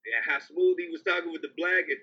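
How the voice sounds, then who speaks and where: A man co-hosting a podcast in casual chat, telling profane, animated stories and teasing a listener. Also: fairly high pitch, fast, slightly rough. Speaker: podcast co-host. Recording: dull lo-fi sound.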